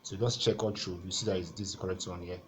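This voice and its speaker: Guy tutoring exam prep, lowish voice, goes through each answer step by step and repeats stuff. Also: fairly even intonation, fast, a little hiss or hum. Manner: methodical, repeats key points step by step. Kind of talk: explaining over on-screen exam questions.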